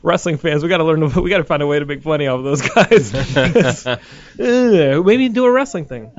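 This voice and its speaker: A man's voice: a little high, animated, highs cut off, slight background noise. Joking man hosting a podcast. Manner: joking, quick to laugh, does voices in stories. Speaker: podcast host. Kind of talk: casual comedic chat.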